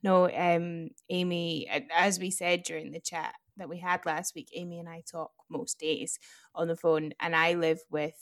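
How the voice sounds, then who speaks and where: A woman's voice: fairly low pitch, level tone, moderate pace, dry recording, studio quality. A young woman with a Scottish accent co-hosting a podcast, chatting casually and laughing often. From Scotland. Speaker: podcast co-host.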